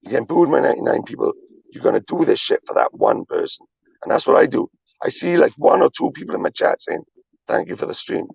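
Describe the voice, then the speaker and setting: A man's voice: medium pitch, animated, fast talker, no room sound. A man livestreaming, talking in a rambling, emphatic confessional way with frequent swearing and repetition. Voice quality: gravelly, husky. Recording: dull lo-fi stream audio.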